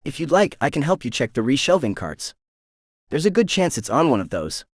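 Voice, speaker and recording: A man's voice: medium pitch, very animated, brisk, no room sound, clean studio sound. A man doing a polite young woman librarian. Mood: helpful. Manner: helpful, matter-of-fact.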